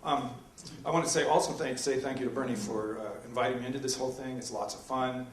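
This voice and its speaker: Professor type, male, mid-pitched, lecturing with fillers; distant mic, roomy hall. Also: quick pace, a little hiss or hum. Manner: lecturing, animated, with many ums and uhs. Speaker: philosophy professor in a debate. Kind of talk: public debate presentation. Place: university lecture room. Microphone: distant from the microphone. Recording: echoey room recorded from afar.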